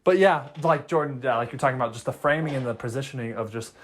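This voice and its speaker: A man's voice: mid-range voice, fast talker, a little hiss or hum. A man co-hosting a movie podcast who rambles in casual chat and leans heavily on "like.". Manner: rambling, heavy use of "like". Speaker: podcast co-host.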